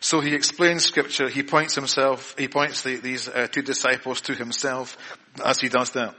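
A man's voice: mid-range voice, flat delivery, normal speed, bright, forceful tone. A man preaching an evening church sermon in an earnest way, often repeating words and restarting. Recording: long reverb of a church hall.

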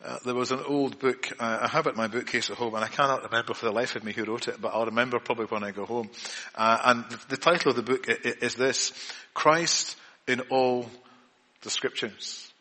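A man's voice: mid-range voice, steady tone, fast, pushed and bright. A man preaching an evening church sermon in an earnest way, often repeating words and restarting. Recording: long reverb of a church hall.

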